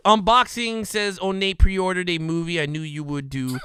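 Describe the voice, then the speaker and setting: High-voiced guy co-host, bright and smooth, reading chat comments, chill. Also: steady tone, normal speed. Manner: laid-back, reads out comments with many "um"s. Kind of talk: casual chat.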